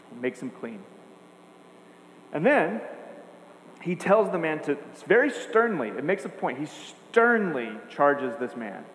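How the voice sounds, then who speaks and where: A man preaching a sermon, earnest and emphatic, building points with repeated phrases. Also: fairly high pitch. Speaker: pastor. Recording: echoey hall, faint hum.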